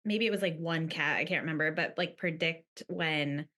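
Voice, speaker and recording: A woman's voice: low-pitched, normal speed, bright, forceful tone. Rambling woman podcast guest. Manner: rambling, filler-heavy, retells stories. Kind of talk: casual chat.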